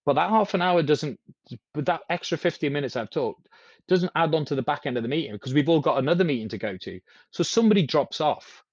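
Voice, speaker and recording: A man's voice: on the high side, lively intonation, quick pace, a little mellow, dry recording. A man on a podcast talking in a rambling way with many restarts, acting out quoted speech. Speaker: podcast speaker. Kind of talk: casual podcast chat. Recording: slightly muffled lo-fi sound.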